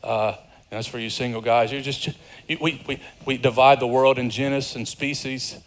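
A man preaching a sermon, animated and conversational, acting out the lines of people in the story with asides to the congregation. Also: mid-range voice, normal speed. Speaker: pastor.

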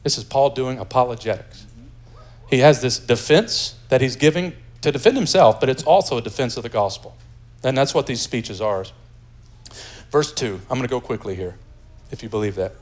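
A pastor from the United States preaching a sermon in a lively, joking, conversational way. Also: male voice, mid-range voice, normal speed.

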